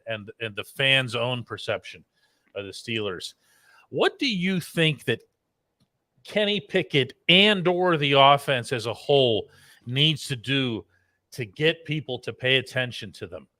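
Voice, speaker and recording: Bright-voiced chatty man hosting sports talk. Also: medium pitch, normal speed, no echo. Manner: chatty storyteller, explains at length. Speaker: co-host, sports columnist. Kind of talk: casual sports talk show chat.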